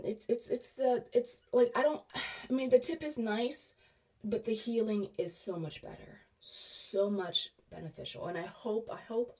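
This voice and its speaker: A woman's voice: medium pitch, distant mic. A woman talks straight to camera in a loose, chatty monologue. She slips into the voices of the people in her stories and often restarts her sentences. Her voice sits a bit back from the mic. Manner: chatty and animated, acts out quoted dialogue, many restarts. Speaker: vlogger sharing personal stories. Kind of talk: casual storytelling monologue.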